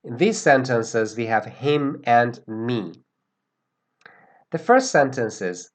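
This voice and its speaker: A man teaching an English grammar lesson, speaking deliberately and repeating key words for pronunciation. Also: medium pitch, expressive.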